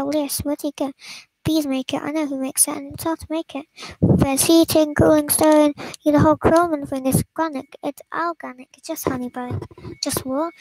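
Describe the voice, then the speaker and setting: A woman with a high, fairly level voice reads a film script aloud at home, tripping over words and restarting lines. She slips into whispers now and then. The sound is dry and close, with no room around it. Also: a little mellow, no room sound, rough recording. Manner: stumbling read-through with restarts and whispered asides. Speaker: channel host. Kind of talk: casual reading of a film script.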